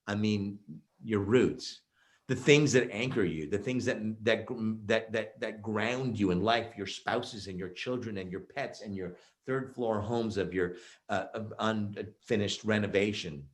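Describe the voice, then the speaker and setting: A man with a fairly low voice delivers a keynote talk to an online audience. He tells stories with energy and emphasis, often with fillers and restarts. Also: a little slow. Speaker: keynote speaker. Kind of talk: virtual keynote presentation.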